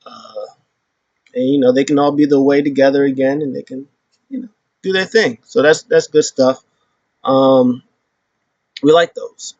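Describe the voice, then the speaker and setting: A man hosting a casual wrestling recap, retelling events in an animated way and acting out the quotes. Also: mid-range voice, normal speed, long pauses, dry recording. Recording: dull lo-fi sound.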